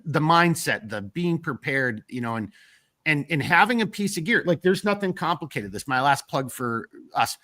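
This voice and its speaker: A man with a northern US accent hosts a live stream and reads out viewer comments. He wanders off on tangents and talks bluntly, with a slightly raised pitch and a bright, forceful tone. The sound is close and dry. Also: no echo. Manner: rambling, digressive, blunt, swears freely.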